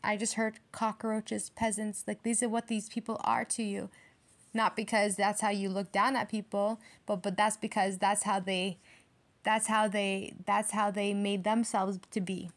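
A woman's voice: mid-range voice, flat delivery, measured pace. A woman giving a casual tarot reading in a brash, emphatic way, swearing freely as she talks to her viewers. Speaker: tarot reader.

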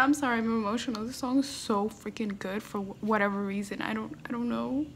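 A young woman hosting a music reaction, gushing and exclamatory, swinging between loud squeals and quiet musing. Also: fairly high pitch, fairly even intonation, brisk, few pauses, a little hiss or hum. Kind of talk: excited reaction commentary.

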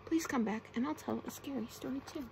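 A woman voicing a gentle, friendly young boy in whispered role-play, with soft, earnest whispers. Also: high-pitched, a little fast, gravelly, background noise.

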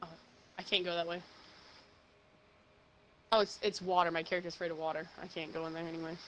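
A woman's voice: lowish voice, steady tone, quick pace, a bit bright, slight background noise, poor audio. Giggly woman streamer. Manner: giggly, joking. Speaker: streamer playing a coop game. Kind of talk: casual gaming chat. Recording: game music behind.

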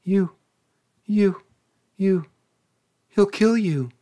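Frantic young wife from a storybook reading, high shrieking cries , put on by a male narrator. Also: very slow, mellow. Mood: frantic screaming.

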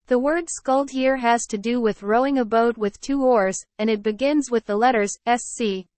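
A woman teacher reading a story aloud to children, pausing to explain words. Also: a little high, darkish tone, dry recording. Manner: clear, explaining, addresses children. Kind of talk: read-aloud lesson with word explanations.

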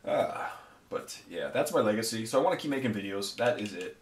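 A man's voice: lowish voice, expressive, brisk, echoey room. A man hosting a miniature painting video, talking casually while he paints and rambling with many fillers and self-corrections.

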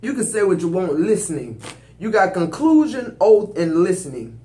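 A man's voice: sits high, big pitch swings, normal speed, mellow. Guy doing a tarot reading, preachy and emphatic, aave, echoey room. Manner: preachy, emphatic, addresses viewers directly. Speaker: tarot reader. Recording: roomy echo.

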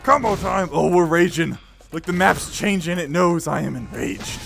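A gaming video host giving excitable, casual let's-play commentary, full of exclamations and bursts of laughter. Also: mid-range voice, moderate pace, vocal fry, faint music behind.

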